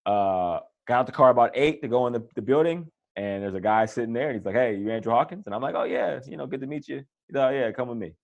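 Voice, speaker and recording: A man's voice: mid-range voice, fast, gravelly, few pauses, phone-quality sound. A man, a former pro football player, casually telling his career story in an interview, acting out the voices he quotes. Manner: relaxed, animated retelling with quoted voices. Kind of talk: conversational storytelling.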